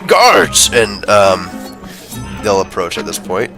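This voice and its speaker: A man's voice: fairly low pitch, animated, normal speed, music in the background. A man running a tabletop game as dungeon master, narrating casually with frequent laughs and fillers. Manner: chatty, laughs often, many fillers.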